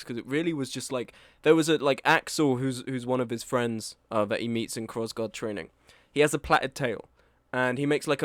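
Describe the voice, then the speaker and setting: Reacting casually to a review of his own book, an author in his early twenties speaks frankly in a medium-pitched voice. He rambles and loses his thread, and the clean studio sound has no echo.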